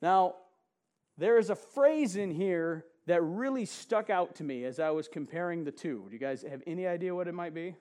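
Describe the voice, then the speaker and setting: A man preaching a sermon to a congregation, chatting and asking them questions, then reading scripture slowly with emphasis. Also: high-pitched, darkish tone. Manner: conversational, asks the congregation questions, laughs often. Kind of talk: sermon with audience interaction. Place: church sanctuary with a congregation.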